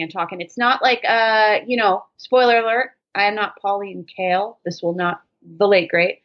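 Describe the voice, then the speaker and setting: A woman's voice: medium pitch, moderate pace, hardly any pauses. A woman guest in casual chat, telling jokey stories with plenty of swearing. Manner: profane, jokey, animated storytelling. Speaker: podcast guest. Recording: dull lo-fi sound.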